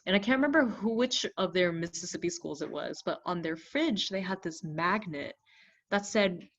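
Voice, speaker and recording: A young woman with a fairly low voice recounts her reporting work in an oral history interview. She tells it with animation and jumps up in pitch to act out quotes. The recording sounds muffled and lo-fi. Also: moderate pace. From Brooklyn, New York. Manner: animated storyteller who acts out quotes in a raised voice. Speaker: journalist and filmmaker being interviewed.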